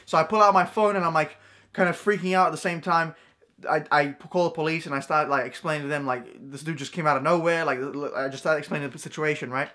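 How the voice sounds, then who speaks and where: A man's voice: on the high side, fast. Rambling young man telling a story. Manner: rambling, filler-heavy, animated storytelling. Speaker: vlogger. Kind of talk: storytime vlog.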